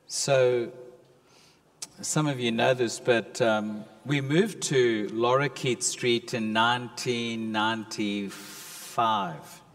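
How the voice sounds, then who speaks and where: A man's voice: medium pitch, gravelly. A man, a pastor addressing his church in a chatty storytelling way. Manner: slow, chatty storytelling with warm asides. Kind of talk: casual address to a congregation. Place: church hall. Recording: long church hall reverb.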